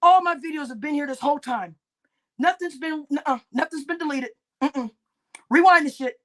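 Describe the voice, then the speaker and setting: Woman streamer, delivering an angry, expletive-laden rant with shouted peaks. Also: sits high, normal speed. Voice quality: heavy cursing, shouting bursts. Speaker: livestream host.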